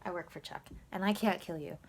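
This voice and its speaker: A woman's voice: lowish voice, a little fast, slight background noise, close to an everyday voice. A woman voicing a scheming female demon who makes blunt, offhand threats in an everyday voice. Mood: threatening.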